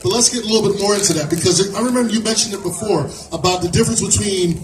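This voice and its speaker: A man's voice: high-pitched, rapid-fire. A man moderating a convention panel, asking questions and calling out to the audience to cheer. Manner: hypes up the audience, calls out to the crowd. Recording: distant echoey mic with crowd and hiss.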